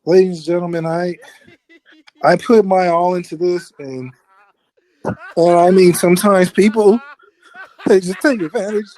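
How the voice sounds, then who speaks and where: A man telling a story on live radio with a high voice and an unhurried pace, stumbling and restarting as he grows more and more exasperated. He keeps stopping to scold whoever plays the sound effects, then pushes on with his tale. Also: steady tone, a little mellow.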